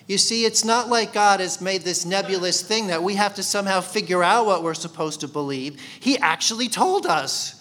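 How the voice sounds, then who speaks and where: A man's voice: high voice, brisk, few pauses, a bit bright. Conversational man teaching a sermon. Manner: conversational, asks the congregation questions. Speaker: Bible teacher.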